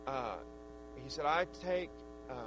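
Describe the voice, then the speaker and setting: High-voiced earnest man preaching. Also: measured pace, background noise. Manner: folksy and earnest, with swings of loudness. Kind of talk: sermon.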